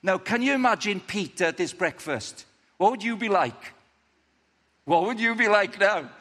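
A man preaching a lively, chatty sermon, acting out the characters' lines in different voices. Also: high-pitched, normal speed, long reverb tail. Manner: animated, acts out quotes in voices, chatty asides.

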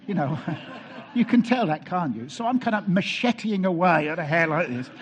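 A man's voice: sits high, expressive, normal speed. A man, a pastor preaching a sermon and telling personal stories in an earnest way, with wry asides and frequent restarts.

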